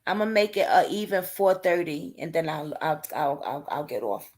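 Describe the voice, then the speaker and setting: A woman's voice: low-pitched, lively intonation, normal speed, darkish tone. A woman hosting a casual livestream from home, talking in a chatty, heartfelt way to her subscribers and calling them y'all.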